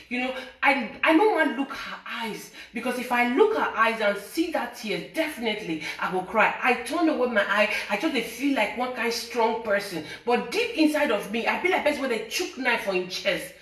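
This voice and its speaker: This is a woman with a Nigerian accent, speaking in a somewhat high voice. She pours out a personal confession to her viewers, switching between Pidgin and English and shifting between accusing and pleading. She sits a little back from the mic in a roomy, echoey space. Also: expressive, normal speed, fairly bright tone, recorded from a distance. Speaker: social media personality.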